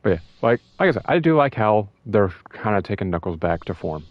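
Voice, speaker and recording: A man chatting casually as a fan, animated and full of restarts. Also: lowish voice, fairly quick, no echo. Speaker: fan discussing a movie trailer. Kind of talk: casual chat. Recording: dull lo-fi dry sound.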